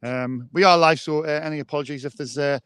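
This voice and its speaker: A man's voice: a little high, quick pace, fairly bright tone, clean tone, dry recording, studio quality. A man co-hosting a live football fan show, hesitant, with many ums and restarts. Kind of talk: live fan podcast chat.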